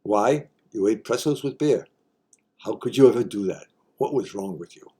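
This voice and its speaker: A man's voice: lowish voice, animated, normal speed, warm tone, husky. An older man hosting a casual explainer, talking in a folksy, wry way with joking asides. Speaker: host.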